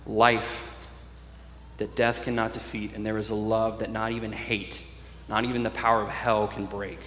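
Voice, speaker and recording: A man's voice: mid-range voice, slight background noise. Earnest male pastor preaching in a hall. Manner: earnest, with slow emphatic phrases. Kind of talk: sermon. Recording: echoey church hall.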